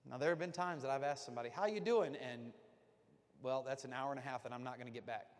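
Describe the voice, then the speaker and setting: Joking pastor in a reverberant church. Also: male voice, medium pitch, steady tone, fast. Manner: conversational, joking with the congregation. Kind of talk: sermon. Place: church sanctuary. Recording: long reverb of a church hall.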